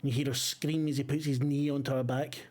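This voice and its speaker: A man running a tabletop horror game as game master, narrating casually with frequent swearing and filler pauses. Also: medium pitch, level tone, darkish tone.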